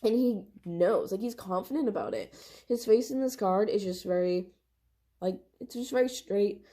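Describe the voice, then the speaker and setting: A young woman talking straight to camera through a tarot reading, gushing and excitable, full of "like". Her voice is mellow and warm, sitting at a middle pitch. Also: normal speed. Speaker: tarot reader.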